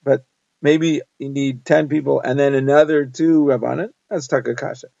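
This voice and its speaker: A man giving a quick summary lesson on a Talmud page, rattling off Hebrew verses and explaining each one in English. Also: medium pitch, fairly even intonation, gravelly, warm tone, no room sound, highs cut off. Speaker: Talmud teacher.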